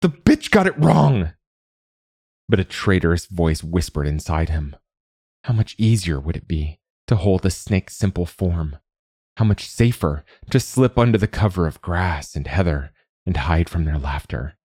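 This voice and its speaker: A man narrating a fantasy story in a steady, even reading. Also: low-pitched, moderate pace, husky, dry recording, clean studio sound.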